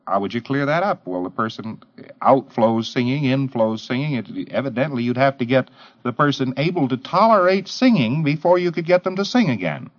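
A man's voice: mid-range voice, lively intonation, normal speed. A man giving a lecture to trainees, emphatic, firing off rhetorical questions and mimicking the people he talks about. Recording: dull lo-fi old tape.

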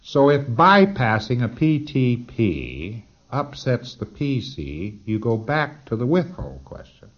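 A man's voice: mid-range voice, wildly swooping pitch, takes it slowly, hardly any pauses. A man giving a recorded lecture, explaining procedures step by step and acting out little dialogues, on a dull lo-fi tape recording.

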